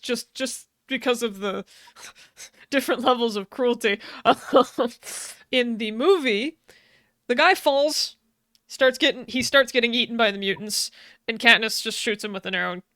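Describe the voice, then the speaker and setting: Female podcast host, casual recap, laughs and swears a lot, smooth and dry. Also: on the high side, bright, forceful tone, no echo. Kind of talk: casual chat recapping a story.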